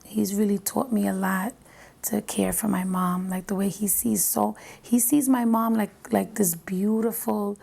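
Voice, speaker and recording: A woman's voice: mid-range voice, steady tone, unhurried, vocal fry, mellow. A middle-aged woman speaking in a hesitant, tender way about caring for family. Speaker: caregiver mother.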